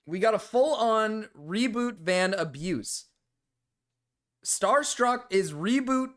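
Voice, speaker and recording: Guy streaming, voice jumps all over, kinda high, repeats himself and swears a lot. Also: big pitch swings, unhurried, a bit bright. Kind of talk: livestream commentary.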